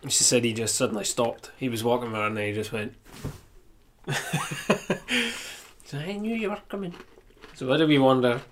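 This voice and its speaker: A man's voice: mid-range voice, fairly even intonation, very fast, few pauses, background noise. A man, a podcast guest telling a rambling, chatty story full of restarts. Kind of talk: casual chat, anecdote telling.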